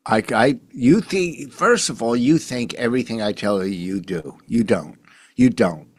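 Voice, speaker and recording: A man's voice: mid-range voice, lively intonation, unhurried. A man in his sixties co-hosting a podcast in casual chat, grumbling and defensive. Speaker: podcast co-host, comedian.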